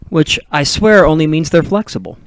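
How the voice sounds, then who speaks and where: A man in a comedy troupe, brainstorming improv on a livestream in a playfully mock-serious way. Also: fairly high pitch.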